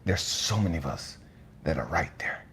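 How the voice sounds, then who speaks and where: A man giving an impassioned, profane motivational monologue, swinging between hushed whispers and raised outbursts. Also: rumbling low, expressive, moderate pace, slight background noise. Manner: profane, blunt street talk. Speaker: motivational speaker.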